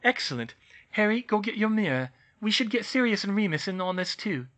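A man voicing a bossy, clever teenage witch girl in an audiobook reading, insistent and brisk. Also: high-pitched, sing-song, a bit bright, voice pushed up. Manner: brisk, insistent, rises to shrieks. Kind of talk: audiobook reading of fan fiction.

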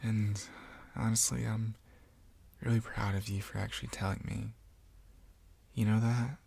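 A man in a whispered role-play, speaking gently and reassuringly as a supportive roommate. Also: lowish voice, flat delivery, a little slow, gravelly, breathy edge. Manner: gentle, reassuring, soft-spoken. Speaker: ASMR roleplayer.

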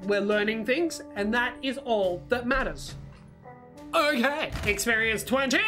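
A woman hosting a let's play, thinking aloud as she plays, excitable and swearing freely. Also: fairly high pitch, unhurried, music in the background. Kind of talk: gameplay commentary.

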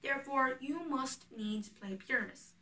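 A woman reading the part of a fussy male carpenter who directs a village play, handing out names and parts in order, with a bright voice in an echoey room. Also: high-pitched, a little slow, recorded from a distance. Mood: bossy. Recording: echoey room, away from the mic.

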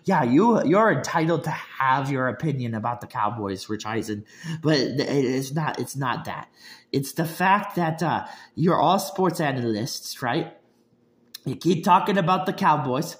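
A man's voice: mid-range voice, animated, a little slow. A young man ranting casually about football, rambling with many restarts and heated outbursts. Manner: bursts into shouting and laughter. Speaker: sports vlogger. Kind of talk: casual sports rant.

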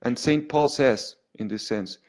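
A man, a priest, giving an earnest spiritual lesson to an online group. He often restarts his phrases and checks in with "okay?", and he moves between loud emphasis and soft, hushed lines. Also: mid-range voice, a little slow.

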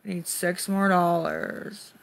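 A man's voice: high voice, flat delivery, slow, gravelly, fairly bright tone. A man live-streaming late at night, irritably snapping back at commenters and muttering repeated words. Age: adult parent. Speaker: livestreamer reading chat.

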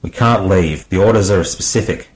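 Man doing an obsessed, defiant scientist, insistent, pleading, low voice, audiobook. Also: moderate pace, close to an everyday voice.

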